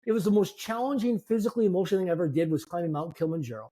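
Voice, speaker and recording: A man in his fifties, a guest telling animated, self-deprecating stories in a conversation. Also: high-pitched, racing. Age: 50s. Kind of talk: storytelling in a conversation.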